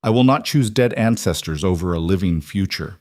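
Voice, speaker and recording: A man voicing a brooding young duke who speaks quietly and earnestly, in an audiobook romance. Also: sits low, lively intonation, brisk, dry recording, studio quality.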